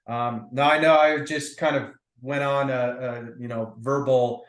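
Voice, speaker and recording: A man's voice: mid-range voice, steady tone, measured pace. A man facilitating a breakout group in casual meeting talk, reflective and loose with fillers, heard over a video call. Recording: echoey room.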